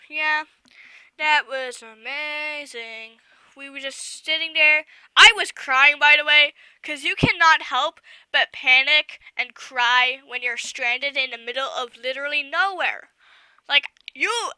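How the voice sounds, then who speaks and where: Brief: woman vlogger, very bright and high voice, rambling storyteller, dry close sound. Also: no room sound. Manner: rambling, excitable, lots of fillers and asides. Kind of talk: casual storytelling to camera.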